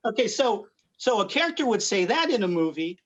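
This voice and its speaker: A man's voice: high voice, big pitch swings, brisk, a bit bright. A man, a comic book artist from the Philippines, talking as a guest in a casual video call interview, rambling with many fillers and restarts. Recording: dull lo-fi call audio.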